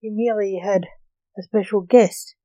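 A woman narrating a novella in an even, unhurried reading style. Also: medium pitch, no echo, rough recording. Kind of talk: storybook reading.

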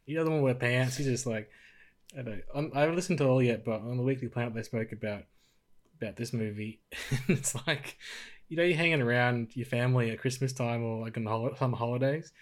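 A man of average pitch co-hosting a relaxed film review chat. He rambles through his points, trips over restarts and hedges his opinions. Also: a little fast. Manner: rambling, hesitant, frequent restarts and laughs. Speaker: podcast co-host.

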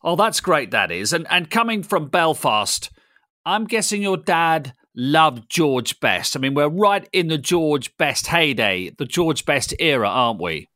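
A man's voice: a little high, big pitch swings, unhurried, bright, forceful tone, no echo. Dry-sounding man hosting an interview. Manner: chatty, leading questions. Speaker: interview host. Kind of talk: conversational interview.

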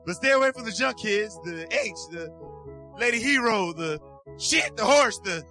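A man's voice: sits high, expressive, moderate pace, bright, forceful tone, faint music behind, exaggerated voice. A man voicing a brash junkie clown pimp. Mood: rambling. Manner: streetwise, brash, cursing slang. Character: swaggering male clown puppet pimp, junkie.

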